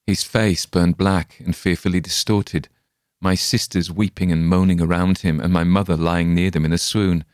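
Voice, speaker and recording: Give me a low-voiced male audiobook narrator, steady and dramatic. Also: moderate pace, dry recording, studio quality. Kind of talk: scripted narration.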